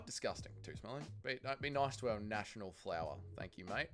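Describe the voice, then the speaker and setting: A young Australian man hosting a fight watch-along stream, reading chat and swearing as he yells at the fights. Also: mid-range voice, big pitch swings, brisk, hardly any pauses, soft background music. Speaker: livestream host.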